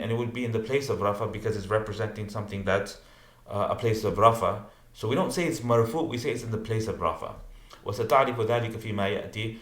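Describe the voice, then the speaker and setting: Male teacher, lower voice, explaining a grammar text line by line, roomy echo. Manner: reads Arabic text then translates and explains with asides.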